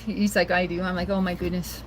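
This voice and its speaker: Woman rambling on her phone livestream, lots of giggles, talking to chat, bit of faint hiss behind. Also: fairly low pitch. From rural area near Boise, Idaho. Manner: chatty and rambling, laughs often. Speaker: livestream host. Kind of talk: casual livestream chat with viewers. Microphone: handheld phone.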